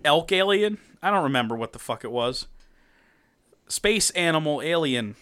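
A man co-hosting a podcast, recapping a comic in casual chat, animated, laughing often and swearing freely. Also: a little high, moderate pace. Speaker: podcast co-host.

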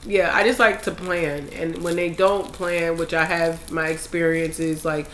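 A young woman in casual group chat, animated and swearing when worked up. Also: on the low side, a little slow. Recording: echoey room with faint noise.

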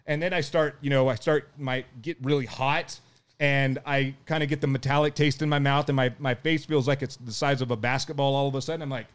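A middle-aged man, a podcast guest, tells a story in casual chat. He talks in an animated way, laughs often and acts out what people said. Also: mid-range voice, brisk, clear, resonant tone.

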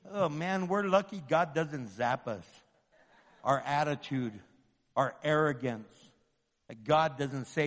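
A high-pitched man preaching with humor and energy, slipping into voices for the people in his stories. The long echo of a big hall trails after each phrase. He sounds like a pastor talking straight to his congregation. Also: slow pace. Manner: lively, humorous, acts out quoted voices. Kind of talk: sermon.

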